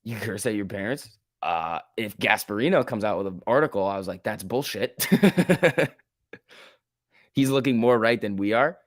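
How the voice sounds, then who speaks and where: Excitable young man streaming stock commentary. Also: on the low side, normal speed, dry recording, studio quality. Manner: excitable, profane, reads chat aloud. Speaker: stock market livestream host. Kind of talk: casual live market commentary.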